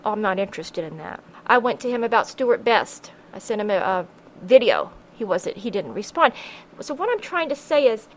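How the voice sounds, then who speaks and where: A woman's voice: a little high, poor audio. A woman hosting her own religious podcast, speaking earnestly in a preachy way and quoting scripture in old-fashioned wording. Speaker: podcast host.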